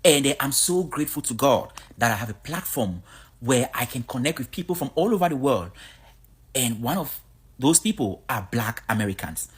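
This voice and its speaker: Blunt, animated woman vlogger. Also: very deep voice, moderate pace, husky. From Cameroon. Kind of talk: opinionated vlog monologue.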